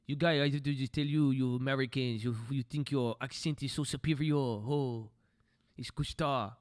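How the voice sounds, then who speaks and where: A man's voice: mid-range voice, quick pace, natural voice. A man putting on a haughty, sneering Frenchman who scolds Americans in a mock French accent.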